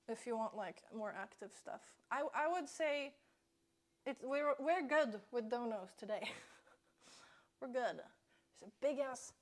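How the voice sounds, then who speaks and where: Chatty high-voiced lady streaming from home on her phone, slow and swears a lot. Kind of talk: casual live-stream chat. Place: indoors at home.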